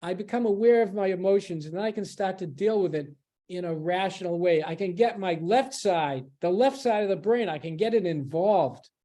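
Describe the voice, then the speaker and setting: As a library's guest speaker, a man with a high, mellow and warm voice gives a public lecture, explaining things conversationally to the audience. He often pauses and restarts a thought partway through.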